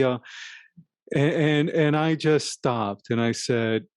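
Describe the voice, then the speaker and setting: Man, casual chat, halting, restarts a lot, reflective, dry sound. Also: medium pitch, clean tone, dry recording. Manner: rambling, halting storytelling with many restarts; self-reflective, acts out his own inner voice. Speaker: podcast co-host. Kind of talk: casual conversation.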